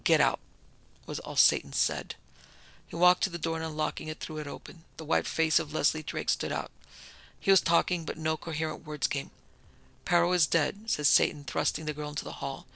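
Gravelly man reading a story aloud. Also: a little high, little pitch movement, a little fast, bright, forceful tone, no echo. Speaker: audiobook narrator. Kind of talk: storybook reading of a pulp detective tale.

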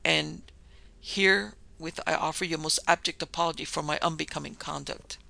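A man voicing a proud English gentleman doctor in an audiobook, speaking formally and refusing firmly. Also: a little high, fairly even intonation, moderate pace, gravelly, heavily acted. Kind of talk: audiobook narration.

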